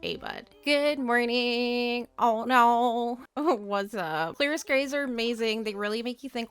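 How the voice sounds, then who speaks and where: A woman's voice: fairly high pitch, slow pace, clean tone, soft background music. A young woman giving chatty, giggly casual commentary while playing a life-sim game and reading its dialogue aloud. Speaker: gaming video creator.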